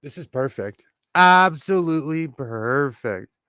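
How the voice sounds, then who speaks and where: A man's voice: on the high side, animated, takes it slowly, bright, forceful tone, clean tone, no room sound. A man hosting a sewing livestream from home in a chatty, self-mocking way and laughing often. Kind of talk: casual live stream chat.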